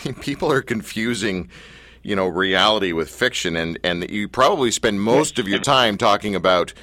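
Bright-voiced male radio host. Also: fairly low pitch, animated, moderate pace, no echo. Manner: chatty, playful. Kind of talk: radio interview.

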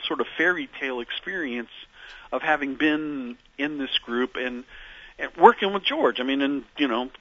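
A man's voice: mid-range voice, lively intonation, normal speed, fairly bright tone, no echo, muffled recording. A man being interviewed as a musician guest, telling stories in a meandering way with many fillers and restarts. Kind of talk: reflective radio interview storytelling.

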